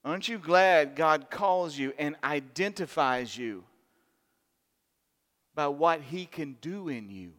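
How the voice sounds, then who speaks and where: A middle-aged man preaching a sermon, swinging from loud, emphatic lines to soft, intimate asides. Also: a little high, expressive, slow pace. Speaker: pastor. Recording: long hall reverb.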